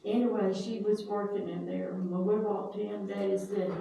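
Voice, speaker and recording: An older woman in casual family storytelling, slow and folksy, pausing to search for names. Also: mid-range voice, flat delivery, gravelly. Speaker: family elder telling stories. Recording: echoey room, distant mic, faint hiss.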